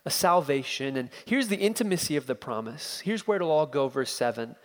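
A man delivers an expository sermon in a notably high voice, pressing his points with emphatic repetition. His words ring out with a long reverb, as if from a church sanctuary. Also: animated, brisk. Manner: emphatic, building repeated phrases. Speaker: preacher.

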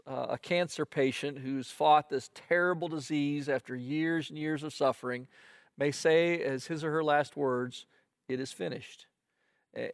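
A man's voice: a little high, dry recording, clean studio sound. A man preaching a sermon as pastor, earnest, with frequent fillers and repeated words.

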